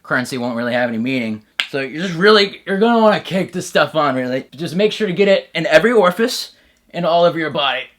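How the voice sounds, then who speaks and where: A young man with a bright, forward voice hosts a satirical comedy bit. He delivers mock-serious narration in a flat, dry tone, then breaks into crude, shouty bro outbursts. His humor is sarcastic and profane throughout. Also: on the high side, quick pace. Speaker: comedy sketch host.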